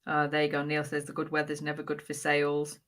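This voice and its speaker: A woman with a notably low voice co-hosts a relaxed live-stream chat. She reads out viewer comments and laughs easily between them. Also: fast talker. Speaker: co-host of a live reselling chat.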